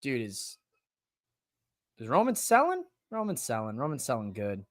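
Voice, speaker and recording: Excitable woman host, dry close sound. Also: moderate pace, dry recording. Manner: excitable, bursts into loud high-pitched shouts, swears. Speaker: podcast host. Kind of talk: live wrestling watch-along chat.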